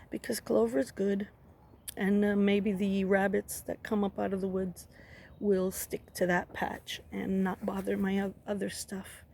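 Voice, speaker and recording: Woman walking thru her backyard garden on a phone, gravelly mellow voice, lots of ums, faint outdoor hiss. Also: medium pitch. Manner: chatty, rambling, many ums and restarts. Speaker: home gardener giving a garden tour. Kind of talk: casual walking garden tour.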